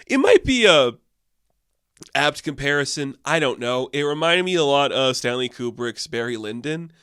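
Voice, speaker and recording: A man casually reviewing a movie, loose and profane, full of "like" fillers, jumping up in pitch when incredulous. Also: animated, moderate pace, fairly bright tone, smooth, no echo, clean studio sound.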